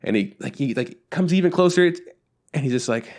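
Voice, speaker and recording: Expressive and darkish in tone, his medium-pitched voice runs a little fast. While co-hosting a podcast, he casually relates a story, voicing both people on a phone call and swearing often, clearly exasperated.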